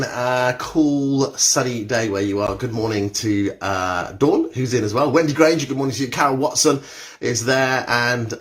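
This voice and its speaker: A man with a mid-range, slightly bright voice leads a live-streamed exercise class, chatting and greeting viewers by name. He's indoors in a room with a carpeted floor.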